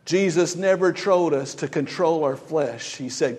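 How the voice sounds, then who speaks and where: A man's voice: fairly high pitch, unhurried, darkish tone, slightly rough. Emphatic male pastor preaching. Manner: emphatic, exhorting, repetitive. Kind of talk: sermon.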